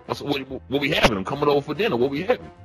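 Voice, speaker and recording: A man's voice: fairly high pitch, rapid-fire, music in the background, natural voice. A man playing a crude, pushy young troll who teases and badgers in slangy chat-room banter. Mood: cheeky. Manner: brash, teasing, slangy, lively sing-song delivery. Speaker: prank caller in online voice chat. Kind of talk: comedic trolling role-play.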